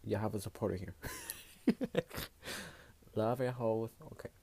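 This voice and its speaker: A man's voice: fairly low pitch, fairly even intonation, unhurried, gravelly, dark tone, husky. Blunt, foul-mouthed man. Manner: blunt, profane, switching between English and Spanish. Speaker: podcast host. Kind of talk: casual solo podcast monologue.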